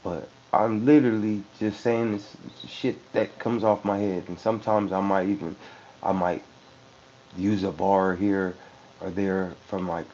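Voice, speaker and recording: This low-voiced man from the San Francisco Bay Area raps for a living and sounds unhurried, steady, and somewhat dark. In a laid-back interview he swears freely and keeps restarting his sentences, all captured on a muffled lo-fi track with a slight hum underneath.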